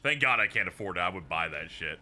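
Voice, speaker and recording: A man streaming a game, chatting casually with viewers, laughing and swearing as he talks. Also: fast. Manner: animated, swings between squeaky highs and low mutters. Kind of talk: casual gaming stream chat.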